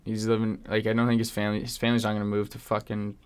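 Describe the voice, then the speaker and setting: A man's voice: fairly low pitch, monotone, racing, clear, resonant tone. A young man from Canada co-hosting a podcast in casual chat, laid-back, with lots of fillers and swearing. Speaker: podcast co-host.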